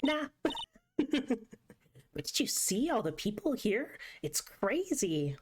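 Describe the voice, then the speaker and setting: A woman's voice: on the high side, very animated, slow, background noise, voice pushed up. A woman doing a chirpy young sidekick. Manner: bright, chirpy.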